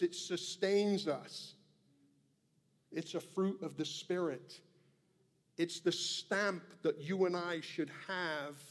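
A man's voice: a little high, darkish tone. A male pastor preaching a sermon in a church, earnest and emphatic, repeating his key phrases. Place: church sanctuary. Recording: long hall reverb.

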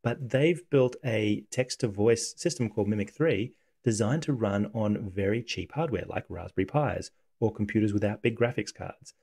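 A man hosting a casual coding tutorial, talking through software on screen in a relaxed, conversational way. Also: on the low side, normal speed, vocal fry, hardly any pauses, husky. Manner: relaxed, conversational, thinks aloud.

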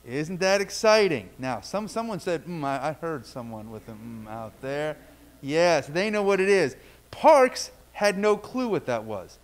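In a church sanctuary, a man leads a children's sermon, telling a story and playfully asking the kids questions. His voice is on the high side, sing-song and a little slow.

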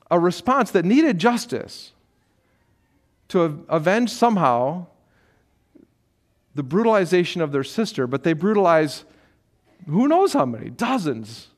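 A man's voice: big pitch swings, measured pace, pauses often. A middle-aged man delivers a sermon in a church sanctuary, speaking in a slightly raised register. His delivery is conversational and full of restarts. Now and then he lifts his voice to act out what other people say. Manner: conversational preaching with frequent restarts and light laughs; acts out quoted voices with sharp rises in pitch. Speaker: pastor.

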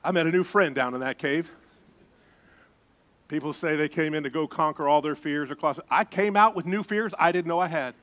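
A middle-aged man preaching as a pastor, telling a story with lively voices and gasps. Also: a little high, brisk. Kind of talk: sermon storytelling.

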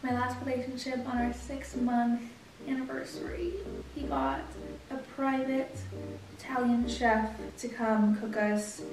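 A woman's voice: fairly high pitch, level tone, unhurried. Young woman, tipsy, blunt, laughing easily, casual host chat, recorded from afar with music behind. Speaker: vlogger hosting a drinking game. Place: indoors at home. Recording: echoey room, from far off, music behind.

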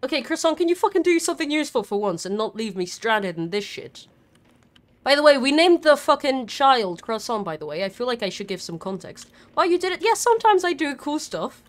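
A woman's voice: high-pitched, big pitch swings, brisk. A woman streamer giving live gameplay commentary, nervous and chatty, swearing a lot and talking back at the characters on screen. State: nervous and scared.

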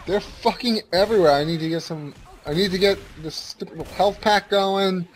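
A man with a high voice chatting while gaming, exclaiming and swearing. Faint game noise runs behind him. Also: a little fast. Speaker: gamer. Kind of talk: excited co-op let's play chat.

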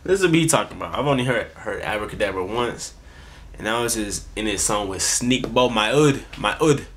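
A man's voice: lowish voice, lively intonation, fairly quick, a bit bright. Laid-back slangy man hosting a reaction. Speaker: reaction video host. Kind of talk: casual reaction commentary.

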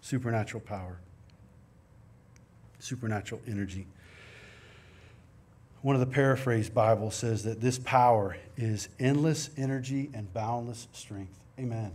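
Middle-aged guy pastor giving a sermon in church, chatty and earnest, mid-pitched voice. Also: moderate pace, long pauses, a little mellow. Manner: earnest, conversational preaching with personal anecdotes. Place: church sanctuary.

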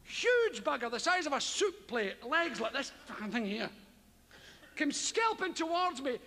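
Unhurried and extremely high in pitch, a man delivers a stand-up set with a long reverb tail behind him. Swearing freely, he animatedly acts out the figures in his stories. Background noise is audible in this live stage recording.

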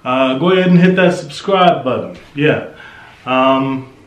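A man's voice: mid-range voice, a little slow, echoey room. A man hosting his own reaction video, chatting casually and rambling, correcting himself as he goes. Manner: rambling, self-correcting, joking. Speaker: reaction youtuber. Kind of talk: casual vlog chat.

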